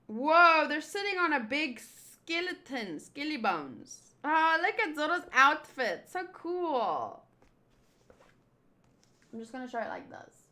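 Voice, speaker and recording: A woman's voice: sits high, sing-song, takes it slowly, bright, forceful tone. A woman host doing a casual, chatty manga readthrough, commenting bubbly as she goes.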